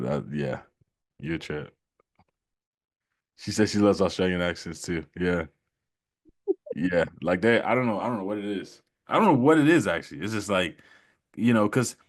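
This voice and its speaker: A man's voice: sits low, dry recording, clean studio sound. A man hosting a casual live stream chat while painting, laid-back, laughing often and repeating himself. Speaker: livestream host.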